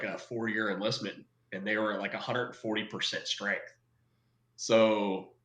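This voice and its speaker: A man in his forties, a retired soldier, telling a story in a casual podcast chat and acting out the people he quotes. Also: on the low side. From United States. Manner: animated, acts out quoted voices, swears freely. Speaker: podcast guest. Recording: echoey room.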